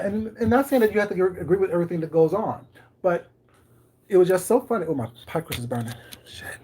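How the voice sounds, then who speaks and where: A medium-pitched voice with a warm, slightly rough tone. It belongs to a livestream host baking in a home kitchen, casually chatting with viewers, greeting them by name, and keeping things wry and ironic.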